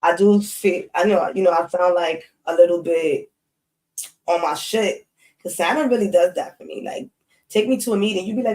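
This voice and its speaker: A woman's voice: fairly low pitch, moderate pace, darkish tone, rough recording. A woman hosting an astrology live stream, chatting casually and animatedly with slang, speaking straight to her viewers' comments.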